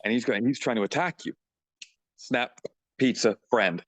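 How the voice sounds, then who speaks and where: A man's voice: medium pitch, normal speed, a bit bright, no echo. Rambling, jokey male musician. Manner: rambling, jokey, many restarts and "like"s. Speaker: musician guest. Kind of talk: casual interview chat.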